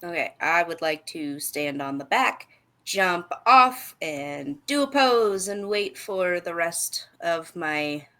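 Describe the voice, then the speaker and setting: A woman's voice: on the low side, lively intonation, takes it slowly, pushed and bright. A woman playing in a tabletop game, chatting playfully with lots of fillers. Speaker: player. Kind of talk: tabletop role-play chat.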